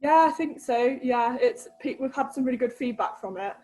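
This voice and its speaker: Young female attendee, casual and hesitant, slightly high voice, faint hum on the line. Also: normal speed, a little mellow, low-quality recording. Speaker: webinar attendee, committee member. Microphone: video call.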